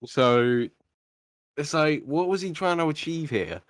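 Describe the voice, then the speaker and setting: A man's voice: a little high, animated, a little slow, dry recording, clean studio sound. A young man co-hosting a podcast, telling the story with energy, swearing and mimicking the people in it. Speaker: podcast co-host. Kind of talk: casual chat.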